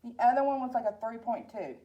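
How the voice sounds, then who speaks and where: A woman's voice: fairly high pitch, very animated, quick pace, dull audio. A woman in her forties with a Southern US accent, hosting a casual cooking demonstration in a chatty, folksy way. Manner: chatty, folksy, addresses viewers as y'all. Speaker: library program host.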